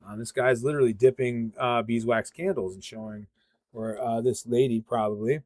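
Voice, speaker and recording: A man giving live tarot readings in a loose, easygoing way, drifting through his thoughts with frequent ums and uhs. His voice sits at an ordinary middle pitch. The sound is dry and close, with no room echo. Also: moderate pace. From western Massachusetts. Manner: relaxed, rambling, many ums and uhs. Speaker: tarot reader hosting a livestream. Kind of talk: casual livestream tarot reading.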